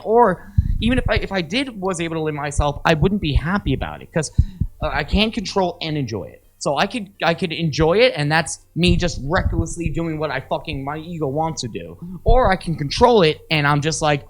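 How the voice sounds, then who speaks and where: A young man with a high-pitched voice, co-hosting a casual podcast conversation. He speaks frankly, swears freely, and slips into lively impressions of people he's quoting. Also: brisk. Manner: candid, swearing, acts out quoted people. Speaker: podcast co-host. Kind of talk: casual chat.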